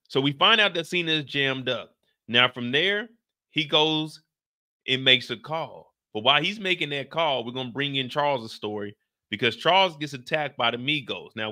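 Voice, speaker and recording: Man, American accent, casual episode recap, slangy and animated, very bright forceful voice, dry close sound. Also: a little high, no echo. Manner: animated, slangy, playful, reads out chat questions. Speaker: show recap host. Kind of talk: casual recap talk to a live chat.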